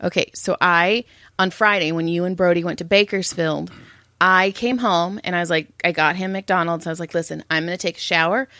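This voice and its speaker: A woman's voice: on the low side, brisk, dry recording, clean studio sound. A middle-aged woman co-hosting a podcast, telling stories in casual chat and acting out what people said. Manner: animated storytelling, acts out quotes. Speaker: podcast co-host.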